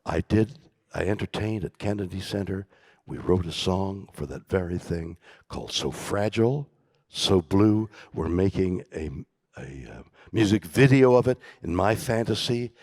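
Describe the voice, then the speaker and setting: Older male keynote guest, theatrical storyteller with a lively, swooping delivery and a dry close sound. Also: low voice, no echo. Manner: theatrical, swings from loud bursts to hushed whispers. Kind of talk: dramatic storytelling conversation. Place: conference stage.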